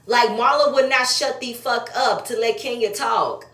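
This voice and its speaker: A woman's voice: fairly high pitch, normal speed, a bit bright. A woman giving blunt, profane, opinionated commentary while she reviews a reality show episode. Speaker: reality TV recap host. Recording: echoey room.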